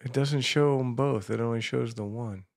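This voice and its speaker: Gravelly-voiced man bantering on radio. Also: mid-range voice, normal speed. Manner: chatty, thinks aloud while looking things up. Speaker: radio show co-host.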